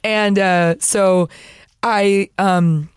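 A young woman from Peru, a guest telling her faith story in animated conversation, acting out what others said and laughing often. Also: mid-range voice, very slow, clean tone, dry recording, clean studio sound. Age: young adult. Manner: animated, acts out quoted voices, laughs often. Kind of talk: lively storytelling testimony.

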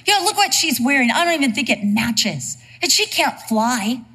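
A woman's voice: sing-song, moderate pace, sharp tone, breathy edge, exaggerated voice. A woman voicing gossiping crows that caw shrilly and mock a passer-by. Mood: catty. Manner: shrill cawing and snide gossip. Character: gossiping cawing crows, catty and mocking.

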